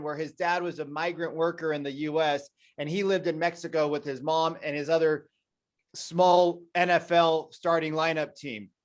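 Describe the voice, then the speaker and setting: Brief: male podcast host, high voice, chatty and enthusiastic, loose rambling intro. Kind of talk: casual interview intro.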